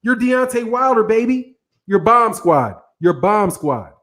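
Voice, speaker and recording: High-voiced man ranting about boxing. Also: a little slow. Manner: animated, repetitive, talks straight to viewers; laughs often between points. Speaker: boxing channel host. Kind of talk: casual reaction commentary.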